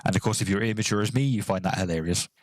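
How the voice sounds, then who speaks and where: Male gaming host, low-pitched, loose rambling comic delivery, mutters counts under breath. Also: racing. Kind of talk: casual gaming commentary.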